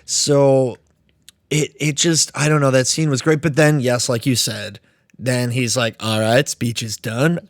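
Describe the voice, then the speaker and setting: A young man talks casually on a podcast, rambling through his thoughts with lots of fillers and the odd curse. His voice sits in a middle pitch. The sound is dry and close, with no room around it. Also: fairly even intonation, a little slow, no room sound. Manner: rambling, filler-heavy, swearing. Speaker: podcast co-host. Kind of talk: casual chat about movies.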